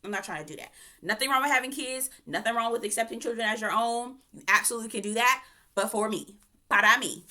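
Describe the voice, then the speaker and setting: Woman, Florida, reality-TV review rant, animated, rambling, sharp bright tone. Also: a little high, quick pace. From Florida, USA. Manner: chatty, animated, goes off on tangents, frequent laughter. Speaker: TV show reviewer.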